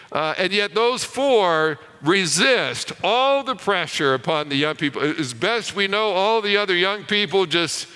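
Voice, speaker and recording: A man preaching a sermon in a big reverberant hall. His voice is bright and crisp, a little higher than most. He tells a story and drops to a hush on the key lines.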